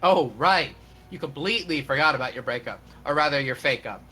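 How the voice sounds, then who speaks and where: A streamer narrating a game on a live stream, reading with comic emphasis. The voice is bright and very animated, rising and falling all over. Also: mid-range voice, a little fast, husky.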